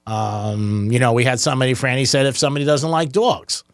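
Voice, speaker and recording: A man hosting a talk radio show in the studio, joking and getting excited, laughing often. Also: mid-range voice, brisk, no echo. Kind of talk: casual talk radio banter. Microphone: studio microphone.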